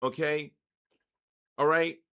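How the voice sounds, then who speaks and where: A man's voice: fairly high pitch, steady tone, slow, pushed and bright. A man in his sixties hosting a live trading session, lecturing emphatically and driving points home with repeated "okay?" and "all right?".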